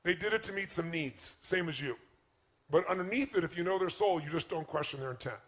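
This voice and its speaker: A man's voice: a little high, expressive, brisk. A man giving an emphatic motivational talk on relationships, acting out quoted speech. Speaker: motivational speaker.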